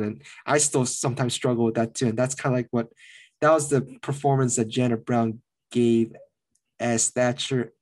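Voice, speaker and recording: A man's voice: mid-range voice, steady tone, fairly quick, a little mellow. Male podcast co-host, casual review chat, rambling, filler-heavy delivery.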